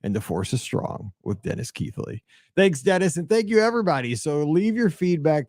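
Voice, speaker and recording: This is a solo podcast host, a man in his forties from the US Midwest, who wanders chattily and sentimentally through listener feedback and old memories. He speaks at a fairly high pitch, very animated, at a moderate pace, sounding a little mellow. The audio is clean studio sound without any room sound.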